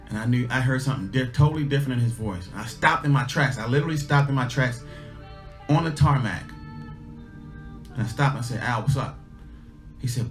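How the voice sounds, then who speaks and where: A man's voice: medium pitch, fairly quick, soft background music. A man, telling a personal story in an earnest, conversational way with many restarts. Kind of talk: casual storytelling talk.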